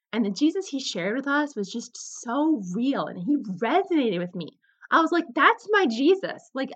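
A young adult woman hosting a podcast, telling a personal story in an animated, candid way. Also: medium pitch. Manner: animated, candid, slips into quoted voices. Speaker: podcast host. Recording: slightly dull lo-fi recording.

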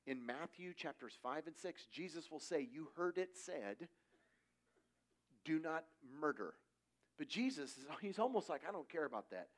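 A man's voice: fairly high pitch, lively intonation, measured pace. A middle-aged man giving a conversational sermon, telling stories casually and acting out quoted voices. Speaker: preacher.

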